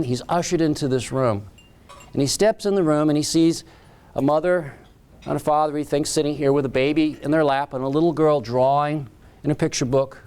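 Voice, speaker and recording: A man's voice: on the high side, a little mellow, clear, resonant tone. A man giving a keynote speech, telling a story in short, dramatic phrases. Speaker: keynote speaker.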